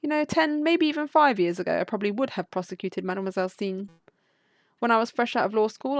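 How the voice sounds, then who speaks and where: A woman's voice: mid-range voice, dry recording, lightly acted. A woman reading the lines of a principled male wolf prosecutor from a game, in earnest, reflective speech.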